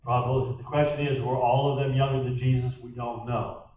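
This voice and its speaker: A man's voice: mid-range voice, flat delivery, brisk, a little mellow, highs cut off. A man leading a Bible study as pastor, repeating each question aloud before he answers it. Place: church meeting room. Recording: roomy echo from a distant mic.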